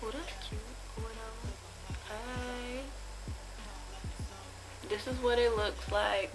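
A young woman talks through a haul of jewelry at her own loose pace. She is blunt and profane and keeps gushing over each piece. Clear music plays behind her voice. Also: fairly high pitch, steady tone, slow pace, low-quality recording. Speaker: vlogger reviewing a jewelry haul. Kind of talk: casual haul review.

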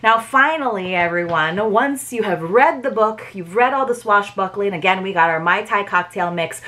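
A woman's voice: medium pitch, fairly bright tone, slight background noise. A woman reviewing a book subscription box, gushing in a bubbly, chatty way as she unboxes each item. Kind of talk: unboxing vlog.

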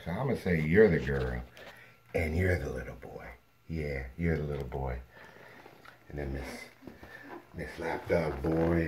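A man's voice: sits low, a little mellow. A man breeding dogs, talking casually to puppies on a home video and cooing at them playfully, sometimes in a whisper. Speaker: dog breeder. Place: indoor room at home.

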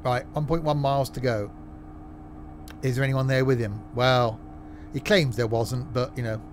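A man's voice: mid-range voice, fairly even intonation, normal speed, slight background noise. A man streaming a train simulator, chatting casually and joking with his viewers as he drives. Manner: joking, chatty, banters with chat. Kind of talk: casual live-stream chat while playing.

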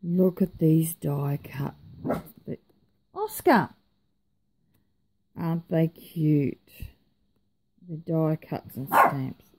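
A woman's voice: low-pitched, fairly even intonation, slow pace, noisy background. A tired woman vlogger in casual, rambling chat, joking at her own expense and yawning now and then. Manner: chatty, rambling, self-mocking.

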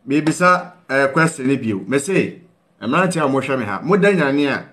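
With lively intonation, a fairly bright tone, and a moderate pace in the mid range, the Ghanaian-accented host fields his call-in show. He code-switches between Twi and English and presses viewers with "What you say?" in an earnest, pleading advisory tone.

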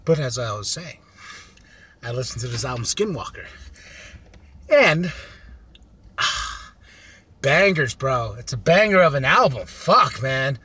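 A man reviewing an album in a casual, profane vlog, excitable and prone to loud rants. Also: medium pitch, measured pace, long pauses, slight background noise. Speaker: music review vlogger.

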